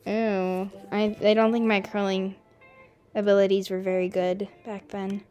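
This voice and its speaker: A woman's voice: mid-range voice, flat delivery, a little slow, dark tone, soft background music. A young woman talking casually as she reacts to her own old videos, laughing at herself and saying "like" a lot. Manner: giggly and self-mocking, heavy use of "like".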